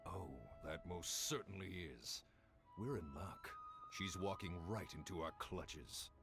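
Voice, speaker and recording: A man's voice: low-pitched, a little slow, vocal fry. An actor playing a scheming male desert bandit boss who gloats and mocks in a sly voice. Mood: gloating. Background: game music.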